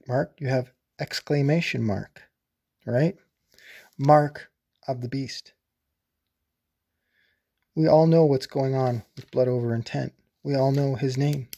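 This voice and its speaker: A man delivering a rambling explanatory monologue to camera, insistent and blunt, with profanity, lingering slowly over puns. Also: medium pitch, vocal fry, a little mellow. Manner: repeats and drags out puns slowly. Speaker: solo video presenter.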